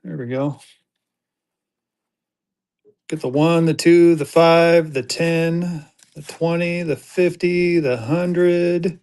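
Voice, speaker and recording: A man's voice: fairly high pitch, takes it slowly, pauses often, darkish tone. Chatty, rambling man selling on a live stream. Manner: chatty, rambling, repeats himself, jokey. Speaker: live-stream auction seller. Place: home room.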